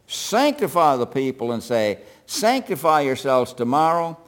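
A man teaching a Bible lesson, reading scripture aloud and acting out the people in the passage with animated delivery. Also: medium pitch, unhurried.

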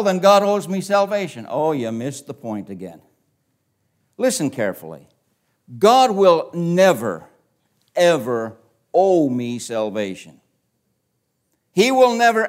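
A man preaching a sermon, leaning hard on stressed words and dropping to quiet asides as he addresses his audience directly. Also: medium pitch.

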